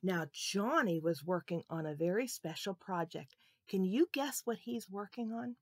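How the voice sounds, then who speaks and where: A woman telling a Bible story to children, expressive and asking her listeners questions. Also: medium pitch, normal speed, dry recording, clean studio sound.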